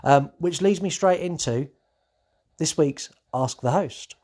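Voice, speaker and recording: A man's voice: on the high side, takes it slowly, a little mellow. A man hosting a horror podcast, talking casually and rambling with many fillers. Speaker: podcast host.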